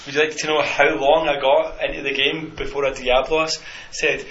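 A man's voice: on the high side, flat delivery, normal speed, fairly bright tone. Male podcast co-host, loose rambling delivery, faint hiss under a roomy, muffled recording. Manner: rambling, many restarts and fillers. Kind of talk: casual football chat.

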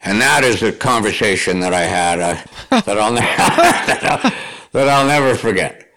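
A man's voice: fairly low pitch, very animated, moderate pace, bright, forceful tone. An older man from Canada, a guest telling long rambling anecdotes with restarts and chuckles. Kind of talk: conversational storytelling.

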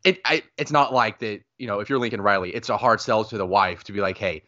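A man's voice: lowish voice, quick pace, bright, forceful tone, dull audio. A man co-hosting a podcast, chatting loosely about college football with jokes and lots of fillers. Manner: loose, joking, many fillers. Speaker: podcast co-host. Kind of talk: casual sports chat.

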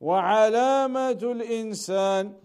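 A man teaching a lesson on Quran commentary, repeating key points and reading Arabic quickly before translating it slowly. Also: high voice, a little mellow, smooth. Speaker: Islamic teacher.

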